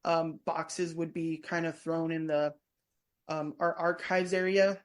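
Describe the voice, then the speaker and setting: Her voice is low and level, and she talks slowly. In a relaxed podcast interview, the guest, who formerly worked at a prison and guides tours, tells rambling, chatty stories full of restarts.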